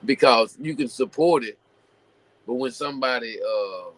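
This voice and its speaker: A man's voice: mid-range voice, normal speed, rough recording. Rambling man in a casual monologue. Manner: rambling, heavy on "you know" fillers and restarts; animated rhetorical questioning.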